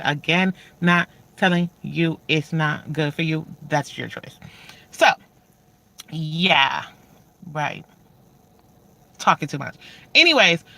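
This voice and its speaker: A woman's voice: fairly low pitch, sharp tone. A woman talking to camera in a casual vlog, blunt and profane, rambling from point to point. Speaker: vlogger.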